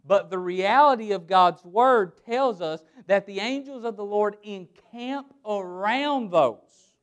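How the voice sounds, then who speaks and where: High-voiced animated male preacher. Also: slow pace. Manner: animated preaching, reads scripture aloud and laughs at his own asides. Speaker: pastor. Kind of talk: sermon. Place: church with a small congregation.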